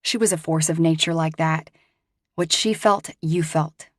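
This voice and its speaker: Woman audiobook narrator, first-person romance, expressive, lowish voice, dry close recording. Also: measured pace, dry recording.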